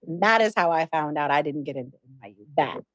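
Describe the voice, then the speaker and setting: A woman's voice: low voice, animated, fast talker, no echo. A woman in her thirties co-hosting a podcast in casual banter, insistent and laughing as she retells a story. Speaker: podcast co-host.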